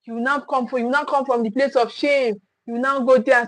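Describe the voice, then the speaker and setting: High-voiced woman giving earnest parenting advice. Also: fairly even intonation, a little fast, few pauses, a bit bright, dry recording, poor audio. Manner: earnest, repeats phrases, acts out parents' voices. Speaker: parenting coach. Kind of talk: livestream parenting talk.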